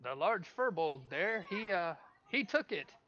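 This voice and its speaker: A man's voice: high voice, very animated, measured pace, pushed and bright, dull audio, a little hiss or hum, voice pushed up, exaggerated voice. A man voicing a polite, patient male festival announcer in a tabletop game.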